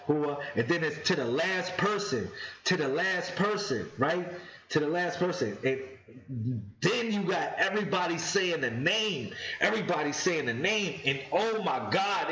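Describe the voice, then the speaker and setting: A man giving a casual spiritual talk on his vlog, slowly chanting sacred names and speaking with excited emphasis. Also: on the high side. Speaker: vlogger. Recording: echoey, dull lo-fi room sound.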